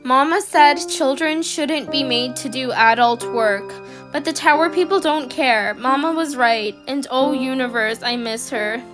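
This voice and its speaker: A woman with a high voice tells a story in the first person, soft and halting as she works through her thoughts. Music plays clearly behind her throughout. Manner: soft, halting inner monologue.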